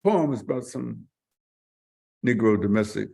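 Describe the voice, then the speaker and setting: A man's voice: lowish voice, measured pace, vocal fry, slightly rough. An older man, a guest in an interview, telling vivid stories and acting out what others said, sometimes repeating words as he searches for them. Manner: animated, vivid storyteller who acts out quotes. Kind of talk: storytelling in an interview.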